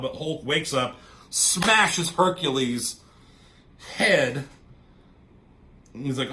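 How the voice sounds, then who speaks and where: A man casually recapping a comic book, swearing freely and popping into quick voices for the characters. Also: mid-range voice, pushed and bright. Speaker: comic reviewer.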